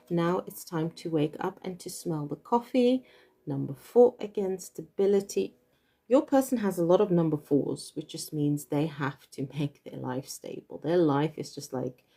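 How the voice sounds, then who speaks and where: Woman, card reader, casual chat, giggly, warm mellow tone. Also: sits low, vocal fry. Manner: chatty, giggles often. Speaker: tarot reader. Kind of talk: casual card reading to viewers.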